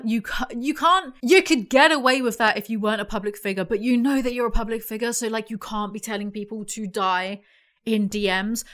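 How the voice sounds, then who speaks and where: A woman's voice: fairly high pitch, fairly bright tone. A young English woman with a London accent, ranting sarcastically in casual commentary and swearing freely. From England. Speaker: commentary YouTuber.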